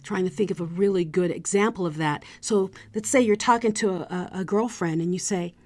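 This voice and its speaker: A middle-aged woman, a speaker coach, giving an animated motivational talk with demonstrative asides. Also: on the low side, a little fast, few pauses.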